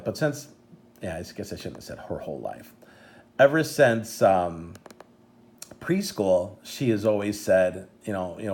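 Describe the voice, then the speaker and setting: A middle-aged man with a Midwestern American accent, chatting as a vlog host, rambling and stumbling with emotion. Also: fairly low pitch. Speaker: channel host and proud dad. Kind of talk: casual chat showing photos.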